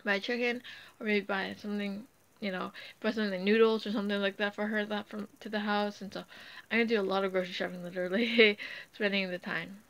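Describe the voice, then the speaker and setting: This low-quality recording captures a woman talking off the cuff, fast and flat, in a medium-pitched, fairly bright voice. Recounting her family and her past, she rambles through fillers and restarts, at times emotional and close to crying.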